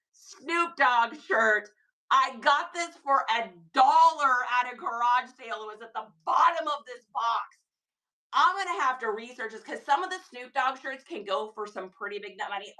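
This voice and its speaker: A young woman hosting a reseller livestream, chatting excitedly with her viewers about thrift finds. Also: a little high, low-quality recording. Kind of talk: casual livestream chat.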